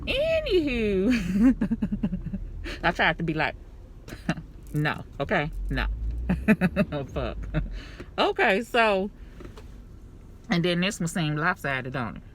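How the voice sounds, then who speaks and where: Lively, laughing woman vlogger. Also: on the low side, very slow, pauses often, a little hiss or hum. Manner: animated, laughing, swearing freely, repeats herself; talks while putting on lashes and makeup. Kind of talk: casual commentary vlog. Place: alone at home.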